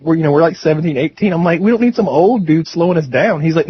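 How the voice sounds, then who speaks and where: A man's voice: on the high side, quick pace, few pauses, lo-fi sound, slight background noise. A young man co-hosting a podcast, telling a long rambling story with bursts of laughter. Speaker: podcast co-host. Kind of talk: casual storytelling.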